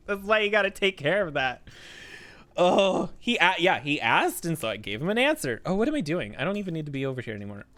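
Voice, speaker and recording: Lively, chatty male streamer. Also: fairly high pitch, fairly quick. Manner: chatty storyteller, many fillers and frequent laughs. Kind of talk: casual chat while playing a game.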